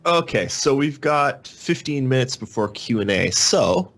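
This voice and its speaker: A man's voice: mid-range voice, very animated, measured pace, a bit bright. Man steering a casual podcast chat. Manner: steers the talk to the next topic. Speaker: podcast host.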